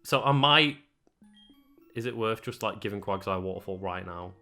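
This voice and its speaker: Bright-voiced hesitant man playing a game. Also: lowish voice, normal speed, soft background music. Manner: hesitant, full of fillers and restarts. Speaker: let's play co-host. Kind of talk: casual gameplay commentary.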